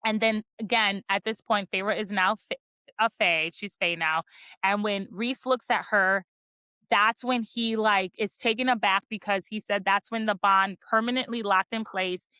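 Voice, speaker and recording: This woman's voice is medium in pitch, fairly even, unhurried, sharp and clean, with no echo. On a book podcast she recaps a chapter in a chatty way, full of "like" fillers and playful teasing about spicy scenes.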